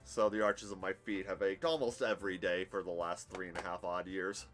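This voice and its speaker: Low-voiced chatty man in his thirties. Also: steady tone, brisk, fairly bright tone, soft background music. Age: 30s. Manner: chatty, candid, rambling. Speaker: streamer. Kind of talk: casual live-stream chat and game narration. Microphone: headphones with desk mic.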